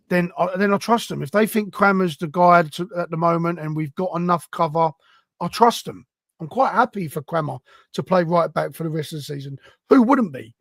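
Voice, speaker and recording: A man, co-hosting a football fan podcast in animated, casual chat, often swearing. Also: on the high side, creaky, no room sound, clean studio sound. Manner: animated, laughing, swears freely. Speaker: podcast co-host.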